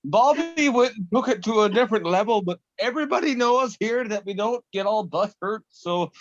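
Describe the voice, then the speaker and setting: A man's voice: high-pitched, lively intonation, normal speed. Blunt, swearing man on dull call audio. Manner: blunt, combative, swears a lot. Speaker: podcast co-host. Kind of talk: casual profane banter.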